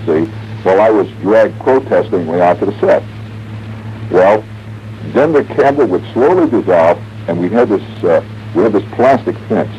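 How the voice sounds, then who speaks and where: This late-night radio monologue comes from a man in his forties from the American Midwest, who rambles through a long, wry story, humming tunes and mimicking sounds. His lowish voice is mellow and animated at a moderate pace. Captured on a studio radio mic, it has the dull, muffled quality of a 1970s broadcast with faint hiss.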